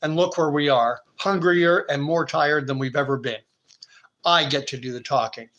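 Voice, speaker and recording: A man's voice: mid-range voice, a little fast, sharp tone, lo-fi sound, natural voice. A man voicing a scheming brother who insists on taking over. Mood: insistent. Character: cunning brother named Lie, a man.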